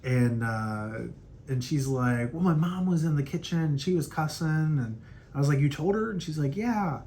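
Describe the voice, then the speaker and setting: A young man hosting a casual podcast, telling a story in a loose, profane way and acting out quotes in a higher voice. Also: normal speed, a little hiss or hum. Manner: animated, profane, acts out quotes in raised pitch. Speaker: podcast host.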